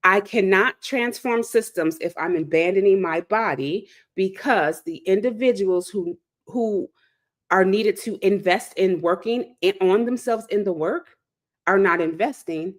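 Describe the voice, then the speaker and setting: Woman, from Chicago's South Side, host. Emphatic, sermon-like monologue with repeated lines, medium pitch. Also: a little slow. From South Side of Chicago, USA. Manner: emphatic, preacher-like, repeats key phrases. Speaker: host and speaker. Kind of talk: impassioned monologue.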